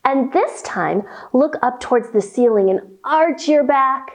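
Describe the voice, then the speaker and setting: A woman yoga instructor leading a children's yoga storytime, reading a picture book in a gentle, playful, instructive way. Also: high voice, animated, a little slow.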